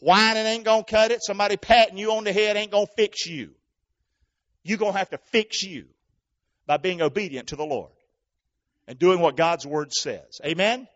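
Man, pastor, high voice, drawl, call-and-response sermon, shouts then hushes, dull muffled church recording. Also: normal speed, pauses often.

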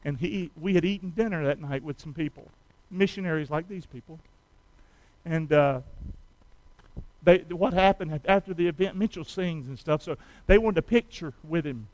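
A folksy middle-aged American preacher with a high voice, leading call-and-response lines. The sound is close and dry with no room echo, and he moves between storytelling and rallying his listeners. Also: moderate pace, a little mellow. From United States. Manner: folksy, storytelling, calls on the congregation to repeat after him.

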